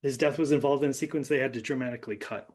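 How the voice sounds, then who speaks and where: In a very fast, fairly even delivery, a male podcast host with a medium-pitched, slightly mellow voice goes over a film's plot. His casual movie talk meanders and leans heavily on fillers.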